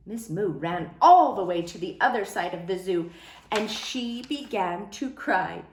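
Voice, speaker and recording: A woman reading a children's picture book aloud in an expressive, sing-song way. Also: medium pitch, a little slow. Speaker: storyteller. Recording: roomy echo.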